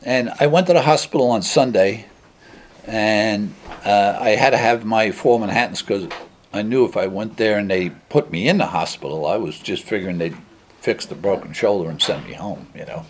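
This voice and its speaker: A man's voice: on the low side, moderate pace, a little hiss or hum. A middle-aged man telling a rambling, self-mocking story at a meeting, with many fillers and laughs. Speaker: speaker sharing his story at a recovery meeting.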